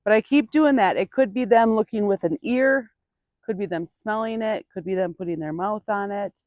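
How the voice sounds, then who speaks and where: A woman in an outdoor pen, explaining each step of a training session to viewers. She sounds dry and close, at a middle pitch. Her voice drops to a gentle, coaxing murmur when she speaks to the animal. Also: moderate pace, no room sound. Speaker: burro trainer. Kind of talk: hands-on training demonstration.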